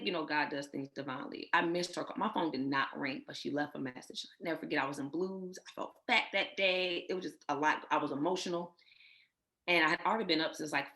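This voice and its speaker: A woman's voice: low-pitched, gravelly, a bit bright. A woman guest telling her personal infertility story in an interview, emotional and full of faith, often quoting what others said. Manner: emotional, faith-filled, retells others' words.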